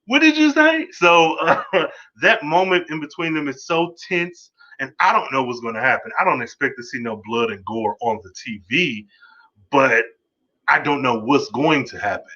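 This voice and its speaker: A man hosting a podcast, giving a casual, rambling solo review of a TV episode, excitable and swearing freely. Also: mid-range voice, normal speed, highs cut off.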